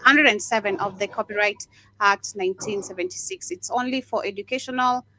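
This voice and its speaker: A woman's voice: mid-range voice, brisk, sharp tone. Woman reading a disclaimer over noise. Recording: noisy audio.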